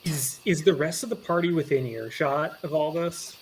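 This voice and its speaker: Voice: mid-range voice, normal speed, a little hiss or hum. A tabletop player asking the game master questions in a hesitant way.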